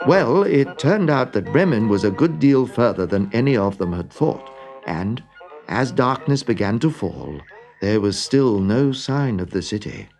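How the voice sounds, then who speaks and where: Expressive male storybook narrator. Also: mid-range voice, unhurried, soft background music. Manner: expressive, animated. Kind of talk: storybook reading.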